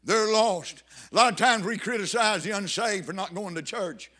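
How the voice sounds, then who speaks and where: A man's voice: high-pitched, moderate pace, sharp tone. A man preaching a sermon, fervent and emphatic, repeating phrases for weight. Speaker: pastor.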